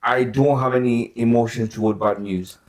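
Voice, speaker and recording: A male podcast co-host talks haltingly and restarts his sentences as he thinks aloud. He sits some way back from the mic. The room around him sounds roomy, with a middle-pitched voice. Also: steady tone, darkish tone, recorded from a distance. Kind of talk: casual chat.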